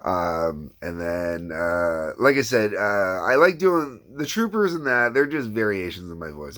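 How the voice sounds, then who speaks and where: Deep-voiced man chatting loosely. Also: lively intonation, measured pace, hardly any pauses, a bit bright. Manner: loose, meandering and unscripted. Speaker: creator and host of a brick-animation series. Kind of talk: casual behind-the-scenes chat.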